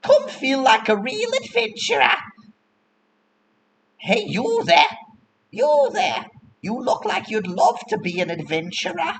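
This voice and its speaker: A woman's voice: a little high, sing-song, slow, pauses often, slight background noise, voice pushed up, full character voice. A man voicing a pushy, cheerful female street hawker selling novelty armor. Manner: sing-song street hawking.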